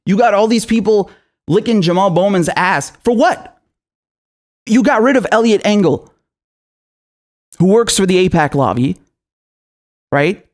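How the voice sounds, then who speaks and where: Commentator, male, high voice, furious and sweary, sarcastic rant. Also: lively intonation, unhurried, pauses often. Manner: furious, profane, sarcastic, repeats himself; mocking mimicry in asides. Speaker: political commentator. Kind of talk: angry political rant to camera.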